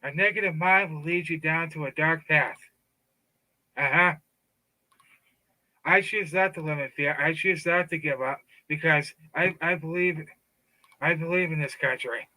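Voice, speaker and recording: A middle-aged man speaks in a fired-up, taunting monologue, with a bright, forceful, cutting edge to his voice that sits a little high. He stumbles and repeats words as he pushes on. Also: unhurried, pauses often, rough recording. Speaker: political commentator. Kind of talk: casual monologue.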